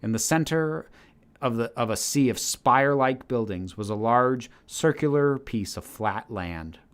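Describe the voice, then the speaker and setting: A man narrating a story aloud in a steady, measured reading manner. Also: medium pitch, smooth. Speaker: channel host reading his story. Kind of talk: audiobook-style story narration.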